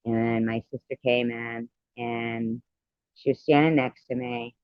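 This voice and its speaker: A man's voice: medium pitch, steady tone, a little slow, clear, resonant tone, no echo. Rambling heartfelt man, dull dry sound. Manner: rambling, heartfelt, full of "you know". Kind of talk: casual personal storytelling.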